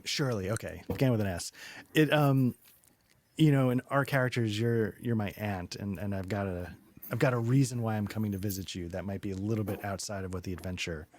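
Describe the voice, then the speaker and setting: A man's voice: on the low side, brisk, darkish tone, a little hiss or hum. A man co-hosting a podcast in casual chat, rambling a little and chuckling. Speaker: podcast co-host.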